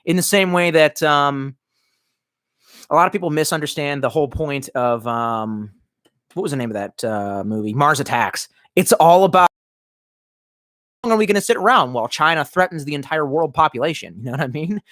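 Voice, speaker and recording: A man's voice: on the high side, expressive, normal speed, a bit bright, no room sound, studio quality. Rambling, swearing male live streamer. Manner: rambling, profane, many fillers and restarts. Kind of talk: casual live-stream chat, reading viewer comments.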